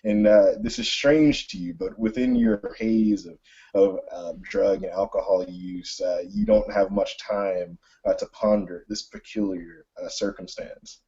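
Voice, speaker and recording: A man narrating as game master of a tabletop role-playing game, slow and halting with many fillers. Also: lowish voice, lively intonation, vocal fry, dark tone, husky, dull audio.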